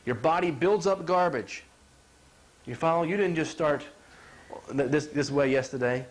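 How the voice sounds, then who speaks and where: Man, high voice, middle-aged, chiropractor, folksy health talk, acts out little voices, keeps asking "you follow?". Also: normal speed. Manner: animated, acts out quotes, asks "you follow?".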